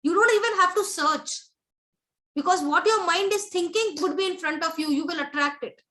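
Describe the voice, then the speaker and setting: A woman's voice: very high-pitched, normal speed, sharp tone, low-quality recording. A woman leading a live motivational training session as a life coach, emphatic, repeating her key points and checking in with her listeners.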